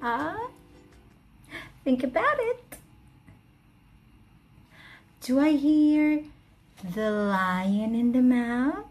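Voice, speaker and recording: Slow, animated woman reading to children. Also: high-pitched, soft background music. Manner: animated, coaxing questions to young listeners. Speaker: teacher and storyteller.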